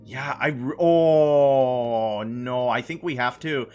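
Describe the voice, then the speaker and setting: A man's voice: medium pitch, very animated, unhurried, darkish tone, soft background music. A man live-streaming a game, chatting playfully with his chat, laughing and repeating phrases. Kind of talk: casual live-stream chat while gaming.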